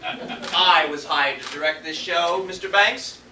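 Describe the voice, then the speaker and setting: A man acting a vain, pompous stage director with a theatrical, shouty manner, recorded far off in an echoey hall. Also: a little high, unhurried, crowd noise, natural voice. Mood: grandiose. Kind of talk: amateur stage comedy acting. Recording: echoey stage from a distant mic, faint hiss.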